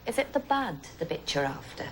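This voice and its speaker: Film clip: a modest middle-aged gardening widow, faint hiss. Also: female voice, lowish voice, sing-song, fairly quick.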